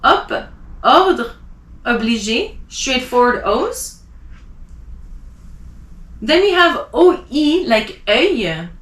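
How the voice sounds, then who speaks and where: A woman teaching a language lesson, spelling out letters and slowly repeating example words. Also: sits high, very animated, a bit bright, reverberant. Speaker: French teacher.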